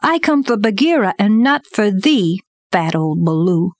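A woman's voice: mid-range voice, big pitch swings, measured pace, no echo, clean studio sound. A woman voicing a young jungle boy in a storybook reading, sounding sullen and boastful. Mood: sulky. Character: young man-cub boy, sullen, showing off.

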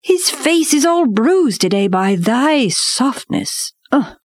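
A woman's voice: sits high, big pitch swings, slow pace, no echo, clean studio sound, voice pushed up, heavily acted. A woman voicing a proud male black panther in a storybook reading, speaking in a scornful, teasing way.

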